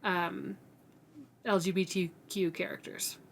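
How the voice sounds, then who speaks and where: A woman co-hosting a podcast, speaking in an earnest, measured, agreeable way in casual discussion. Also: fairly low pitch, level tone, vocal fry. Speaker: podcast co-host.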